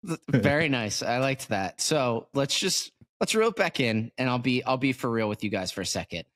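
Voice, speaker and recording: A man's voice: mid-range voice, animated, moderate pace, a bit bright. A man hosting a casual podcast, joking and swearing freely as he banters with his co-hosts. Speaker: podcast host.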